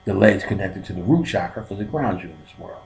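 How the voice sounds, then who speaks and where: Low, creaky, and expressive, this man's voice comes out fast. As a comedic occult class teacher, he walks through spiritual topics step by step in a stand-up style lecture, cursing liberally and repeatedly asking "you know what I'm saying."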